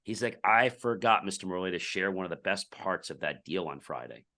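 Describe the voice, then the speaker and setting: A man's voice: low voice, fairly quick, bright, forceful tone. A middle-aged man, a podcast guest, telling a business story in casual interview talk and acting out the dialogue.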